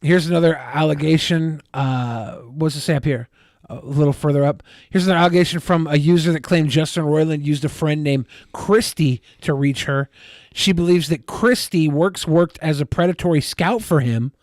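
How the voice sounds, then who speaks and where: A man's voice: a little high, moderate pace, a little mellow, no echo, clean studio sound. A man co-hosting a podcast, reading messages aloud in casual, crude and sarcastic chat. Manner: sarcastic, crude, reads aloud with mock emphasis. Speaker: podcast co-host.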